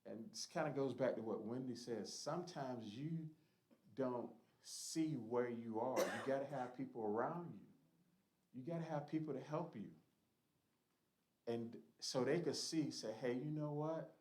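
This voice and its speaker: A man's voice: medium pitch, unhurried, darkish tone, poor audio. Earnest man leading a Bible study. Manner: earnest, emphatic, conversational preaching. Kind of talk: church Bible study teaching.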